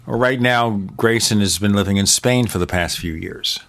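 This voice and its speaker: A man's voice: lowish voice, moderate pace, fairly bright tone, dry recording, clean studio sound. An older American man co-hosting a casual chat, telling movie and TV trivia with enthusiasm. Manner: chatty, enthusiastic storyteller. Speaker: co-host.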